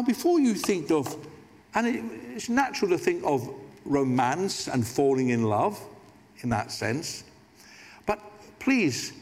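A man preaching a sermon as pastor, talking conversationally with asides and light humor. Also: fairly high pitch. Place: large church. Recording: hall reverb.

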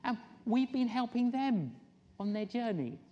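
A woman's voice: mid-range voice, moderate pace, dull audio. A middle-aged woman, preaching a sermon and telling stories, acting out the people she quotes. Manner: animated storyteller, acts out quoted people with laughs. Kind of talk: sermon storytelling.

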